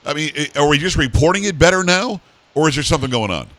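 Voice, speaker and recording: A man's voice: on the high side, expressive, quick pace, fairly bright tone, dry recording. Talk-radio host man, dry close sound. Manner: conversational, leading questions, plain-spoken.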